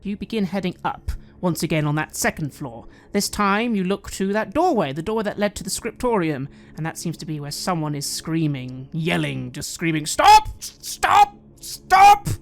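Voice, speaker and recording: A woman's voice: low-pitched, normal speed, hardly any pauses. A woman running a tabletop game as game master, describing scenes and asking players what they do.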